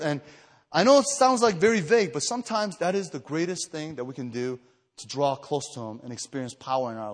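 A man from the Chicago area preaching an evening retreat sermon, earnest and emphatic, telling personal stories with many fillers and restarts, and growing louder and higher when stirred. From Chicago area, USA. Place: retreat meeting hall. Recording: echoey hall reverb.

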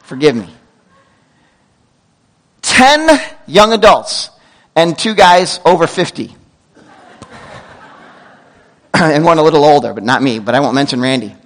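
A middle-aged man preaching a sermon as pastor, telling stories with lively asides and quick self-corrections. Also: a little high, poor audio.

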